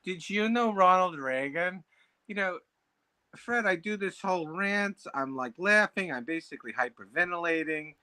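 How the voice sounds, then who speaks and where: Brief: man, slightly high and bright, goofy rambling banter. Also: animated, moderate pace, clean tone. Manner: rambling, giggly, absurd joking. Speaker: cartoonist, co-host. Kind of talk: casual chat.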